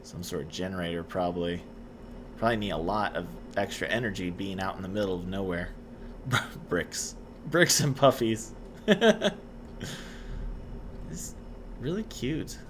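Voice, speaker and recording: A man hosting a gaming channel, giving quiet, soft-spoken let's-play commentary and musing aloud as he explores. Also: deep voice, animated, measured pace, pauses often, a little hiss or hum.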